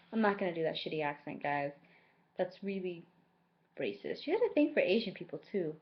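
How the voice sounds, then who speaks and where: A woman's voice: on the low side, lively intonation, brisk, muffled recording. A woman reading a novel aloud, breaking off for sarcastic asides and stumbling over lines, then rereading them. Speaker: reader of a novel.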